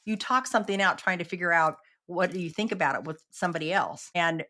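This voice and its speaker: A woman's voice: on the low side, fast. Earnest woman telling her story. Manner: earnest, animated, acts out quoted exchanges. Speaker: podcast guest. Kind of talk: personal storytelling in interview.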